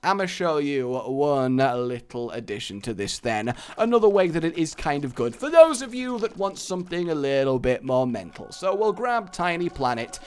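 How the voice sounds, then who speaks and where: A man's voice: fairly high pitch, very animated, moderate pace, few pauses, clean tone. A young English man hosting a gaming video, telling a rambling, jokey story while he plays. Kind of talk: let's play commentary.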